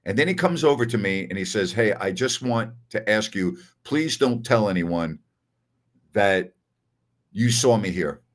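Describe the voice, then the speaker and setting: A man's voice: lowish voice, lively intonation, measured pace. An older man hosting a sports talk show, chatting casually and telling stories while repeating phrases for emphasis. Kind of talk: casual live-stream chat.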